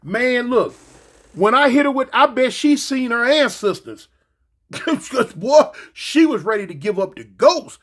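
Man, casual storyteller, slangy, animated, sound effects, big pitch jumps. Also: measured pace. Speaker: storyteller recounting his prison days.

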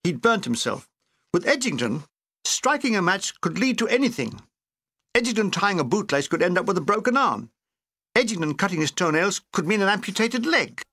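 Older man, comic memoir narration, high, lively pitch. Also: moderate pace, dry recording. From Britain. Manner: comic, dry, animated delivery. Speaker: author reading his own memoir. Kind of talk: audiobook narration with character voices.

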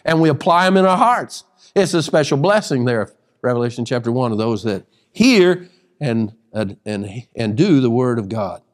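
A man's voice: mid-range voice, animated, moderate pace. A man teaching a Bible study sermon, emphatic, reading scripture aloud and often restarting phrases.

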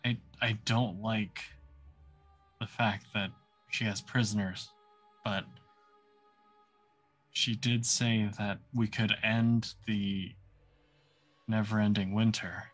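A man voicing an earnest young male hero who speaks haltingly. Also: fairly low pitch, little pitch movement, faint music behind, pitched below the performer's own voice. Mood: hesitant.

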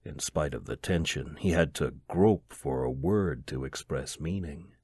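A man with a very deep voice reads a science fiction story slowly. His storytelling is measured and grave, with soft music playing underneath. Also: husky, no room sound. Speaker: narrator. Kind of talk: audiobook reading of science fiction.

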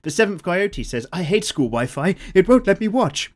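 A man's voice: high voice, very animated, normal speed, hardly any pauses. A young British man hosting a drawing show, reading out viewer comments in a rambling, casual way, swearing freely and laughing often. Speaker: art channel host.

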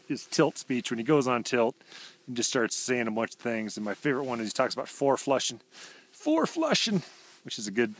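Laid-back slangy man rambling outdoors. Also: medium pitch. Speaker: vlog host. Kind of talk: rambling walk-around video diary. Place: outdoors in snowy woods by his house.

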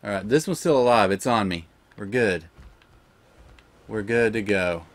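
Excitable man narrating his gameplay. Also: on the low side, a little slow. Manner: swings from shouting at pets to soft muttering. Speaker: gaming channel host. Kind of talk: let's play commentary.

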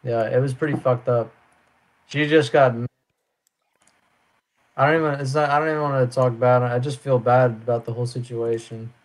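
A man's voice: mid-range voice, little pitch movement, a little fast, pauses often, poor audio. A young man in casual voice chat, talking in a laid-back, mumbling way. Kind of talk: casual voice chat while gaming. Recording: faint background noise.

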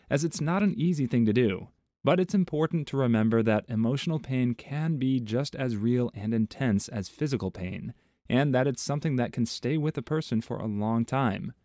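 A man reading online stories aloud in a measured, even tone, adding his own commentary between them. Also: lowish voice, no room sound, clean studio sound. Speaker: story narrator.

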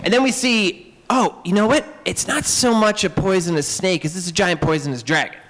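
A man, an author and illustrator, tells myths to children in an animated, joking way, full of quick asides. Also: high-pitched, long reverb tail, rough recording. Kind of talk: lively storytelling talk to children. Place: public library event room.

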